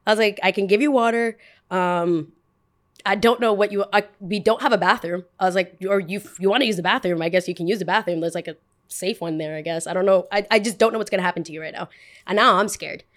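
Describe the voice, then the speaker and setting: Animated young woman telling a story. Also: medium pitch, fast. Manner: animated, acts out both sides of a dialogue. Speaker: podcast host. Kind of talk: casual storytelling.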